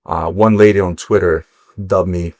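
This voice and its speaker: A middle-aged man from Ukraine, a watch dealer, telling stories in casual chat, animated and swearing freely. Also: low voice, normal speed, dry recording. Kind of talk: casual storytelling.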